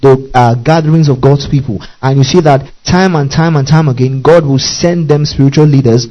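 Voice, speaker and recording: A man preaching a sermon as a pastor, reading scripture slowly and deliberately and checking in with the congregation again and again. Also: medium pitch, dark tone. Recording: dull lo-fi recording.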